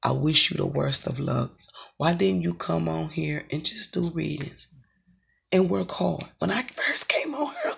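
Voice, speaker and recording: Gravelly, husky ranting livestreamer. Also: mid-range voice, animated, measured pace, a bit bright. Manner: profane, repetitive, confrontational. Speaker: online psychic reader on a live stream. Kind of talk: angry ranting monologue.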